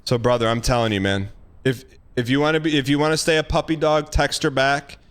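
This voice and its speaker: A man's voice: mid-range voice, fairly even intonation, fairly quick, fairly bright tone, smooth. A man streaming live and giving blunt, emphatic dating advice in casual chat, repeating himself for emphasis. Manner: emphatic, repetitive, blunt, acts out quoted lines.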